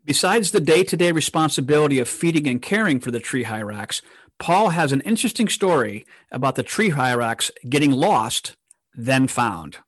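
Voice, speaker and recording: A man reading a scripted narration in an even tone. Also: mid-range voice, normal speed, husky, no room sound.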